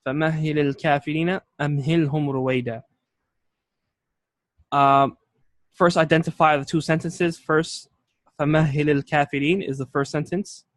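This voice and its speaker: A man's voice: a little high, dry recording. A male teacher giving a classroom lecture, patient and explanatory, repeating key points and checking that students follow. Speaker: Arabic teacher.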